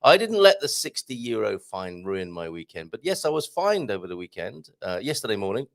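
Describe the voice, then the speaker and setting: A hoarse man hosting a live morning show, chatting and joking in a rambling way. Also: fairly low pitch, big pitch swings, fairly quick. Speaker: host. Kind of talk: casual live-stream chat.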